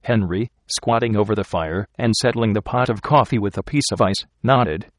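A man reading a story aloud with steady, measured narration. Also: on the low side, no room sound, clean studio sound. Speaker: audiobook narrator. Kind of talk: scripted narration.

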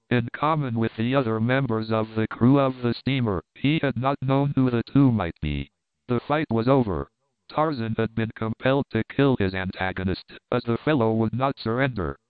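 A man's voice: lowish voice, clear, resonant tone, no room sound. Man narrating an adventure book, phone-thin. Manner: steady, measured reading. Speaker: audiobook narrator. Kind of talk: scripted narration. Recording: tinny phone-like, dry.

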